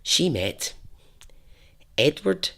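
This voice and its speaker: A man's voice: fairly high pitch, big pitch swings, drawn-out words, gravelly, pushed and bright. A man hosting a podcast, telling a story casually with chatty, laughing asides and rambling tangents.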